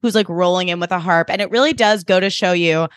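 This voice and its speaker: A woman's voice: fast talker, dry recording, studio quality. A young woman co-hosting a podcast, chatting casually about a TV episode and acting out quotes, filling her talk with "like". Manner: chatty, many "like" fillers, acts out quotes in a higher voice. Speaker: podcast co-host. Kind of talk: casual chat recapping a TV episode.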